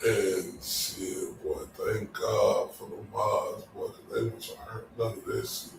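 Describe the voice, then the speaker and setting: A man's voice: lowish voice, lively intonation, unhurried, creaky, a little hiss or hum. A man hosting a casual after-show chat, loose and exclamatory, laughing often. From Dallas, Texas. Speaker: show host. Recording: very echoey room, distant mic.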